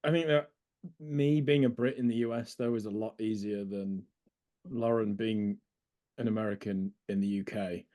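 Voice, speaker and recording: A British man from near Birmingham chatting casually as an interview guest, joking and halting in a laid-back way. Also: on the low side, fairly even intonation, warm tone. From England, near Birmingham. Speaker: guest, dating site member.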